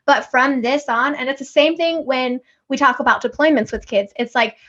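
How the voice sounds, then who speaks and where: High-voiced chatty mom, lo-fi sound. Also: female voice, normal speed. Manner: animated, acts out talks with her kids. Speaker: podcast co-host. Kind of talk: casual chat. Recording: dull lo-fi audio.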